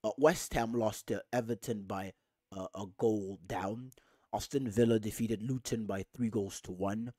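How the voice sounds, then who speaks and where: A man's voice: lowish voice, unhurried, mellow, no room sound. A man, hosting a podcast, ranting angrily about football with lots of swearing and emphatic repetition. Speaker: podcast host. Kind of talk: casual football rant.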